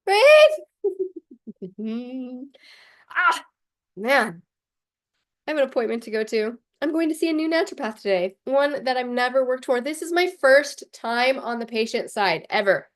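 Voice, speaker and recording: This woman's voice sits high and expressive, measured in pace with long pauses. She's a life coach vlogging casually to camera, speaking bluntly and passionately, swearing and leaning on "like."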